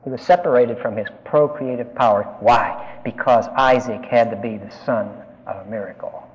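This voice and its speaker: A man's voice: medium pitch, moderate pace, in a large hall, lo-fi sound. A man giving an emphatic Bible-teaching lecture, putting questions to his listeners as he explains. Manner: emphatic, asks the class questions.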